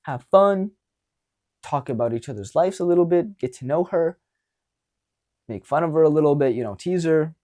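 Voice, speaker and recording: A young man coaching viewers on dating in a casual monologue, animated and blunt, with casual swearing. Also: fairly high pitch, moderate pace, pauses often.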